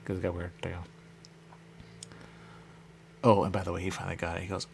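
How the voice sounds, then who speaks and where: A man's voice: sits low, completely flat delivery, a little fast, gravelly, a little hiss or hum. A man hosting a radio show, musing in a loose, repetitive monologue and returning again and again to the same stock phrases. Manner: loose, repetitive, musing, keeps saying "there you go". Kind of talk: rambling monologue.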